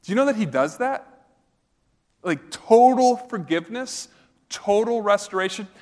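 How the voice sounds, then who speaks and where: A man's voice: high voice, lively intonation, a little slow, a little mellow. A man preaching a sermon as a pastor, earnest and conversational, asking his listeners direct questions. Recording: long reverb of a hall.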